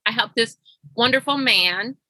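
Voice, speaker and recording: A woman's voice: on the high side, unhurried, sharp tone, no echo, rough recording. A middle-aged woman health coach telling client stories in an interview, acting out both sides of the conversations. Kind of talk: storytelling interview guest.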